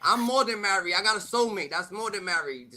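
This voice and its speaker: A man's voice: high-pitched, lively intonation, fairly quick, a crowd in the background. A man joining a live stream, talking in a brash, profane, preachy way about relationships. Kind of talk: casual live-stream chat.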